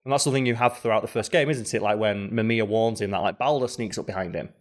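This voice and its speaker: A man co-hosting a podcast, talking casually and with animation about a video game, often jumping into high-pitched impressions of characters. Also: fast talker. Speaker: podcast co-host. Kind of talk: casual gaming chat.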